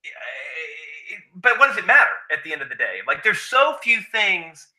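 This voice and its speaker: A man's voice: high-pitched, big pitch swings, moderate pace, pushed and bright, poor audio. A man co-hosting a board game live stream, musing in casual group chat with lots of fillers. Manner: loose, filler-heavy musing.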